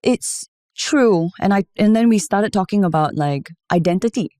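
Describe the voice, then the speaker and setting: A Singaporean woman, an actor, whose accent mixes American and British sounds. She talks in a casual, animated podcast chat full of emphatic questions. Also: medium pitch, brisk, dry recording, clean studio sound. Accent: Singaporean mixed with American and British.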